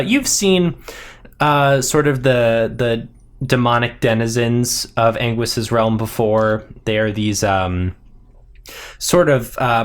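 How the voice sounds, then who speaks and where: A man narrating as game master, with many pauses and hesitations. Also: mid-range voice, a bit bright.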